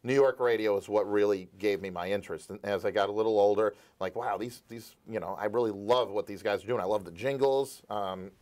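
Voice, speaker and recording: A man's voice: lowish voice, fairly quick, few pauses, a little mellow. A man in his forties from Rhode Island, a radio station owner, telling his story eagerly in a casual interview with many restarts.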